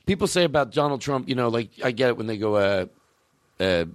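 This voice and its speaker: A man's voice: medium pitch, animated, a little fast, no room sound, studio quality. A man hosting a comedy podcast, riffing animatedly and laughing often. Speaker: podcast host. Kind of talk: casual comedy chat.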